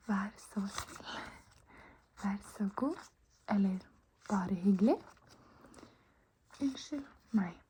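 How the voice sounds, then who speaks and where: A woman whispers an ASMR lesson very close to the microphone. Her voice is soft and mellow, and she patiently repeats each word at an unhurried, slow pace. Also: mid-range voice, a little hiss or hum. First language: Norwegian. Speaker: language teacher.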